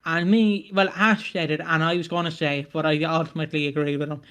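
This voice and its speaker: A man's voice: a little high, flat delivery, quick pace, fairly bright tone, clear, resonant tone. A man co-hosting a podcast, recapping casually in a rambling way with frequent self-corrections and laughter. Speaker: podcast co-host.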